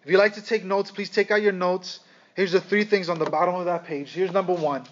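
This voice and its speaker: A man preaching a sermon, speaking with dramatic pauses and calling his listeners "guys". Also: sits high, fairly even intonation, slight background noise. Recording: slightly dull lo-fi sound.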